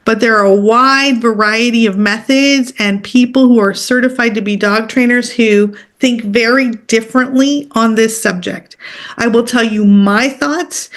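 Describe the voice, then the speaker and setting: A woman teaching a workshop in a relaxed, conversational way. Her voice sits a little high, and she is direct, pausing often to check that her listeners are following. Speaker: animal communicator leading a workshop.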